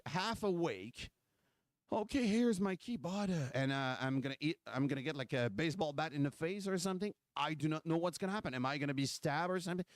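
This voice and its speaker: A man's voice: a little high, no echo, clean studio sound. Fiery man. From Quebec. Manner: fiery, repetitive, full of rhetorical questions. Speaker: political livestream host. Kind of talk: impassioned political rant.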